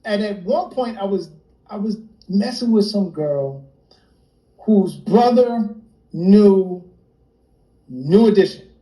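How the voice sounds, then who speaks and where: A fairly high-voiced man from New York tells a story as an interview guest, animated and lively, acting out each friend's lines in turn. His tone is mellow and warm. The sound is roomy, like a livestream from an echoey room. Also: slow, long pauses. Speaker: interview guest, rapper and producer. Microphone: phone or computer on a livestream.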